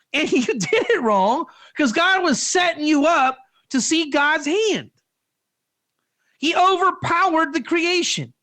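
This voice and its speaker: A man's voice: extremely high pitch, bright, forceful tone. A man teaching an informal Torah class in a rambling way, with many rhetorical questions and tag questions.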